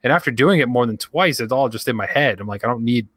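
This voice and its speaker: Fast-talking bright-voiced young man chatting. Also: mid-range voice, animated, breathy edge, no room sound. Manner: rambling storyteller, acts out coworkers' lines. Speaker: podcast co-host. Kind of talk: casual chat.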